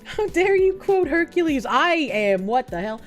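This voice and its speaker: A woman's voice: high-pitched, big pitch swings, unhurried, faint music behind. A woman streaming casually, reacting to clips and chat with profane, exasperated outbursts.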